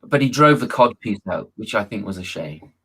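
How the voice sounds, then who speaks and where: A man's voice: fairly low pitch, animated, normal speed, fairly bright tone, breathy edge, rough recording. A British man hosting a casual video chat, joking and laughing often. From Britain. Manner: chatty, jokey, laughs often. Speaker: host.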